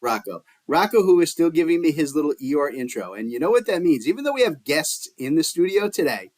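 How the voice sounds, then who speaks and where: A man's voice: fairly high pitch, big pitch swings, quick pace, darkish tone. A man hosting a podcast in a jokey, playful way, laughing often as he chats with guests. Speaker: podcast host. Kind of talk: casual podcast chat.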